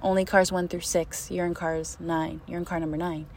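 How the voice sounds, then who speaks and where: A young woman telling a travel story in a casual, animated way, often laughing and acting out what people said. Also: lowish voice, normal speed, a little hiss or hum. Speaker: storyteller recounting a trip.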